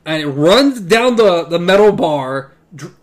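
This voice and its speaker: A man's voice: high voice, expressive, measured pace. A man co-hosting a podcast, reading a novel aloud and reacting enthusiastically. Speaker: podcast co-host.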